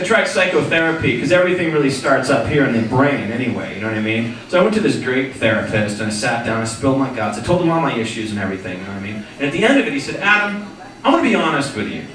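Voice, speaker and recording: Chatty stand-up comedian, roomy club. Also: male voice, mid-range voice, noisy background. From Boston. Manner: chatty, rambling with fillers and tag questions. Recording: roomy live club mic from a distance. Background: audience laughter.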